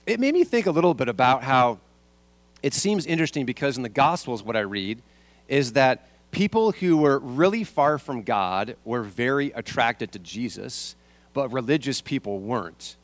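A man's voice: mid-range voice, expressive, moderate pace, no echo. A man preaching a sermon as a pastor, asking the congregation rhetorical questions and repeating his key lines.

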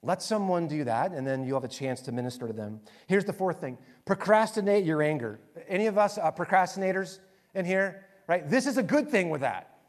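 A male pastor delivers a sermon, telling stories with animation and shifting between loud, energetic bursts and quiet, hushed stretches. His voice is high and his pace a little fast.

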